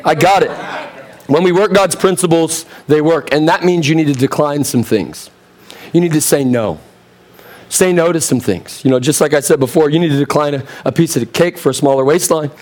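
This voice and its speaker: A man in his thirties preaching a sermon in a direct, conversational way, asking the crowd questions, his voice getting a bit hoarse. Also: a little high, brisk, darkish tone. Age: 30s. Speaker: pastor.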